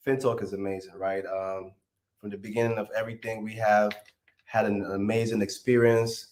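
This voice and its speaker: A man speaking as a guest on a live stream, calm and even. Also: on the low side, moderate pace. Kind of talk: casual chat.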